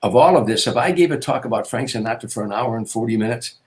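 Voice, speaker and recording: An older man, a comedian, telling anecdotes in an interview, with repetitions and quick restarts. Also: medium pitch, animated, darkish tone. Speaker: guest comedian. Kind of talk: storytelling interview.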